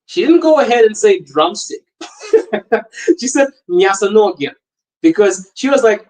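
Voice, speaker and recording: Laughing, animated man telling stories. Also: sits high, measured pace, pauses often, low-quality recording. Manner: animated anecdotes, laughs often. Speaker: podcast host. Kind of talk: casual storytelling chat.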